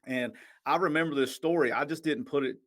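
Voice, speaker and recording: A man's voice: a little high, a little fast, fairly bright tone. A man, hosting a casual podcast interview and sharing anecdotes. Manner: easygoing, chatty anecdotes. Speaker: podcast host.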